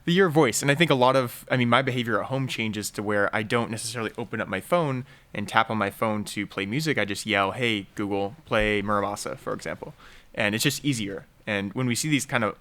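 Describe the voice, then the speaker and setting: A man's voice: lowish voice, fast, a bit bright. A man appearing as a guest on a tech roundtable, talking in an easygoing, reflective way. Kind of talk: casual roundtable chat.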